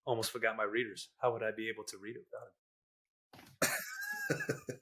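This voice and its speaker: A man's voice: fairly low pitch, little pitch movement, normal speed, background noise. A middle-aged man with a Midwestern accent, co-hosting a casual podcast chat in a jokey, folksy storytelling way. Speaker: podcast co-host, lender.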